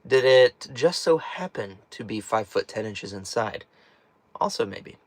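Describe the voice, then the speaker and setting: A man's voice: lowish voice, expressive, unhurried. A man hosting a casual live stream from inside a small tiny house, reading chat questions, joking and laughing often, his voice now and then cracking. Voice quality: voice cracks at times. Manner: chatty, jokey, laughs often.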